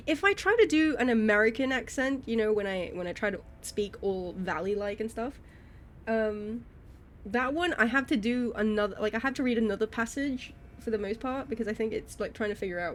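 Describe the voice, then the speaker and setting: A woman's voice: on the high side, normal speed. A young woman with an English accent, streaming live and chatting casually, full of "like" and restarts. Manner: chatty, many fillers and restarts, frequent laughs.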